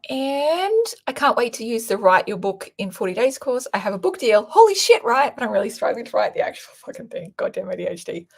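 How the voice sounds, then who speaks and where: Husky gravelly lady on a livestream, swears a lot, hypes her course super excited. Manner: frank, sweary and excitable sales pitch. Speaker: online business coach hosting a livestream. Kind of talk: casual livestream chat reading viewer comments.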